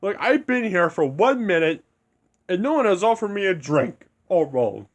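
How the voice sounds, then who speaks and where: Young man doing a cartoon cat, male, cheeky, playful, sing-song, higher and louder than his own voice. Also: sing-song, normal speed, heavily acted.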